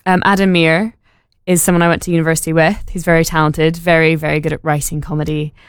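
A woman's voice: low voice, flat delivery, fast, clear, resonant tone, no echo, studio quality. A young woman in her twenties from Edinburgh, an actor talking about her play in a casual interview, bubbly and laughing often. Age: 20s. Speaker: actor, guest.

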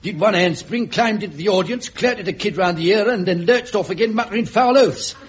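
An actor playing a plain-speaking, grumbling circus owner in an old radio comedy. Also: male voice, sits high, a little fast, close to an everyday voice. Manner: colloquial, grumbling. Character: gruff working-class circus owner. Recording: dull old radio recording.

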